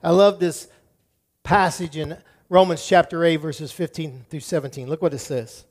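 A middle-aged male pastor preaching a sermon, shifting between soft, quiet passages and loud, emphatic build-ups. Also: on the high side, normal speed. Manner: dynamic preaching, drops to soft tones then builds up loud.

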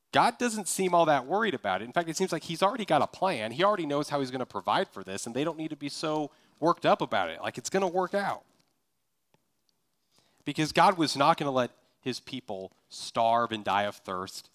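A man from Kansas preaches a sermon in a relaxed, conversational way. He talks to the congregation as if chatting with them and keeps asking rhetorical questions. His voice sits at an ordinary middle pitch. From Kansas, USA. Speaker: pastor.

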